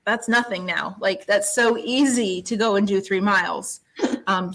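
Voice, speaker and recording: A woman's voice: mid-range voice, pushed and bright, poor audio. A woman guest who teaches science, chatting in an interview with an upbeat, storytelling manner and frequent laughs. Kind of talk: casual interview chat.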